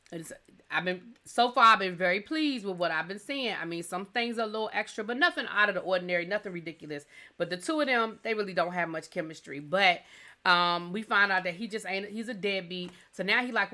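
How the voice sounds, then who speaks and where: A woman with a bright, forward voice recaps a TV episode in a casual, chatty way. Her talk is colloquial and playfully sassy. She briefly acts out lines as she goes. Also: mid-range voice. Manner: acts out lines in quick asides. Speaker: TV review channel host.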